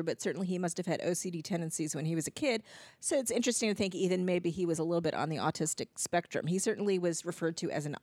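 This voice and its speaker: A woman's voice: lowish voice, darkish tone, dry recording. A woman from New Jersey hosting a podcast, talking in a chatty storytelling way and laughing easily. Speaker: podcast host. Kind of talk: casual podcast chat.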